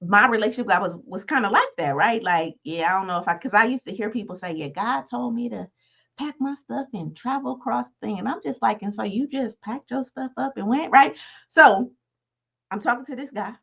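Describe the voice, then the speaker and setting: A woman's voice: a little high, expressive, a little fast, creaky, a bit bright, breathy edge, dull audio. A woman in her thirties giving a casual, conversational motivational talk as host, often checking in with "right?" as she goes. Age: 30s. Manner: conversational, repeats "right?" to the listener. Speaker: podcast host.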